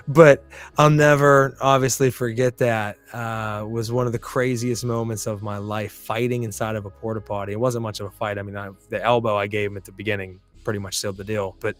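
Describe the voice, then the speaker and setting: A man's voice: fairly low pitch, fairly even intonation, fairly quick, faint music behind. Blunt, profane man telling a story. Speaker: podcast host. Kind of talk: storytelling monologue.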